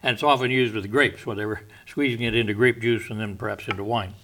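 A man teaching a verse-by-verse Bible study, stressing and defining key words at a measured, deliberate pace. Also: lowish voice, steady tone, pushed and bright.

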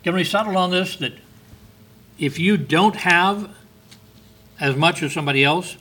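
A man delivers a sermon in a husky voice with a bright, forceful edge. He talks to his listeners like a conversation and keeps asking them questions. He lifts his voice to stress key words and reads scripture in old-fashioned phrasing. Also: high-pitched, measured pace. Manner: conversational preaching with rhetorical questions and emphatic lifts; reads scripture in King James wording. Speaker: preacher.

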